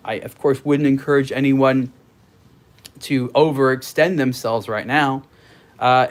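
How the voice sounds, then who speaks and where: A man's voice: mid-range voice, fairly bright tone. A middle-aged man hosting a casual livestream from home, reading viewer comments and rambling as he thinks aloud, with many restarts. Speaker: host.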